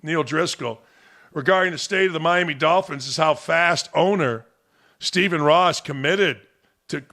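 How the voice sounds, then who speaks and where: A man's voice: on the high side, sharp tone. A man hosting a sports talk show, giving blunt, combative opinions. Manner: blunt and combative, talks back to the audience.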